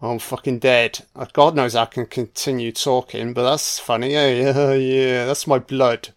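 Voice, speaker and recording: A man's voice: mid-range voice, flat delivery, unhurried. A man giving a casual, crude audio commentary while watching a film. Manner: crude, chatty, sweary.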